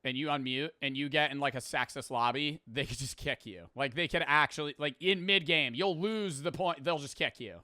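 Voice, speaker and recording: A man in casual chat, chiming in with animated, swearing comments as co-host. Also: on the high side, moderate pace, hardly any pauses.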